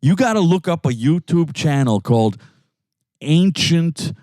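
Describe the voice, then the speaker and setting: Swearing animated New York guy. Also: fairly high pitch, measured pace, no room sound. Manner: animated, swearing storyteller who mimics voices. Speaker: podcast co-host. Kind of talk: profane casual chat in a car. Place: inside a jeep.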